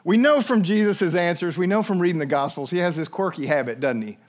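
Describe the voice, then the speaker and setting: A man delivers a sermon with lively energy. His voice sits high for a man, and he slips into little acted voices for the people he quotes. He keeps turning to his listeners with questions. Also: fast talker. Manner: animated preacher, acts out quoted voices, asks the listeners questions. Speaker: pastor.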